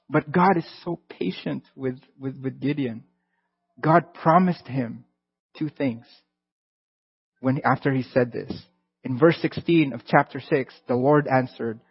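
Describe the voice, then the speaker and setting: A man's voice: fairly high pitch, normal speed, breathy edge. A male pastor giving a conversational sermon, building to emphatic bursts, heard in a church hall. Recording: dull lo-fi sound with long hall reverb.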